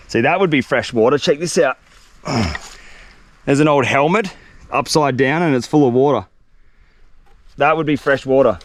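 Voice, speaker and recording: A young man, chatting excitedly and slangily to the camera while exploring a tropical jungle outdoors. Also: medium pitch, measured pace, pauses often, no echo. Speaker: survival vlogger. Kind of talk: solo outdoor vlog narration.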